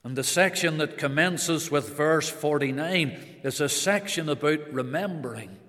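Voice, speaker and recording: Male preacher, deliberate sermon delivery, reverberant church hall sound. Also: a little high, fairly bright tone. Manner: slow, earnest preaching with swells of emphasis.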